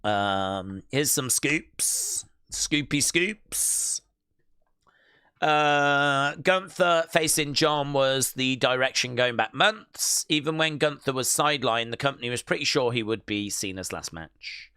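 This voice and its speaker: Chatty male streamer musing aloud, smooth tone, dry sound. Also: mid-range voice, measured pace, hardly any pauses, pushed and bright, dry recording. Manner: reads news items aloud to viewers. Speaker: wrestling stream host. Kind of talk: live watch-along commentary.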